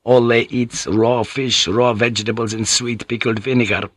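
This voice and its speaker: A man voicing a gruff, seasoned ship pilot who talks bluntly and teases with salty words in a storybook reading. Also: mid-range voice, little pitch movement, normal speed, no room sound, studio quality, natural voice. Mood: wry.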